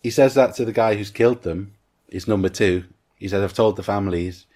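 A man's voice: on the low side, brisk, a little mellow. A man co-hosting a podcast in casual film chat, retelling scenes at length and quoting the characters' lines. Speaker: podcast co-host.

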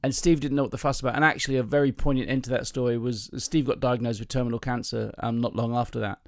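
A man who works as a comedian, chatting casually on a podcast and acting out jokes with lively, sing-song voices. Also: mid-range voice, fast talker, no room sound. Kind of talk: casual chat and joke telling.

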